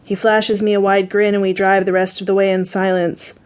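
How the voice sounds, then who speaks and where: A woman reading a first-person romance audiobook, her delivery steady and measured. Her voice sits at a middle pitch, plain and unforced, paced like scripted narration.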